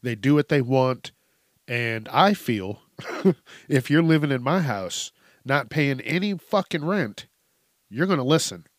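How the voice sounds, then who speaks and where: A man's voice: mid-range voice, animated, takes it slowly, no room sound, clean studio sound. A man hosting a podcast, telling stories in a casual, profane way and laughing often. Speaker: podcast host. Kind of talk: casual comedic storytelling.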